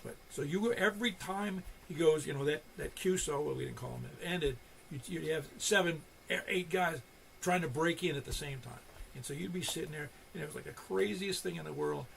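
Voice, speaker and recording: Gravelly older man running a radio net. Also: fairly high pitch, fairly quick, a bit bright, slight background noise. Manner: rambling storyteller with many restarts. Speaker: net control host. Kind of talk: casual ham radio chat.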